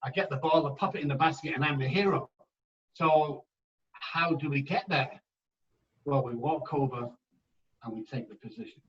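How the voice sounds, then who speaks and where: A man with a fairly high voice talks as a podcast guest, leaning hard into his stories and repeating key lines for weight. He sounds a little off-mic, and the recording has a muffled, dull edge. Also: moderate pace, long pauses. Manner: emphatic, animated anecdotes. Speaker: guest addiction specialist. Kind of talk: podcast interview storytelling. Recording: slightly dull, distant mic.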